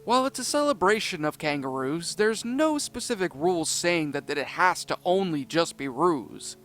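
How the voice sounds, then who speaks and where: A bubbly young kangaroo boy from a cartoon storybook, as a man reads him, bursting with eagerness. The voice sits a touch high and swings widely in pitch, with faint music underneath. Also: animated, normal speed, a bit bright. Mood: cheerful. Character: excitable young male kangaroo cartoon character.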